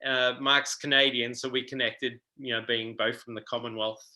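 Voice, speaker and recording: A middle-aged Australian man telling stories as a guest in a casual interview, animated and full of ums. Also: mid-range voice, normal speed, rough recording. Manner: animated, acts out quoted voices, frequent ums. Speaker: guest guitarist.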